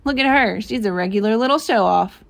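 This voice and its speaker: A woman voicing a sweet, eager little girl in a read-aloud storybook, bright and pleading. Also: mid-range voice, fairly quick, creaky, natural voice. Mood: delighted.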